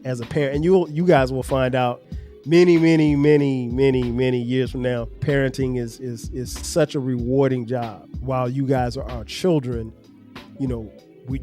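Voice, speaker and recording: A middle-aged man with a mellow, medium-pitched voice hosts a podcast, speaking earnestly as a father about raising his kids. He tells stories with acted-out examples and restarts his sentences often, keeping the talk reflective and family-focused.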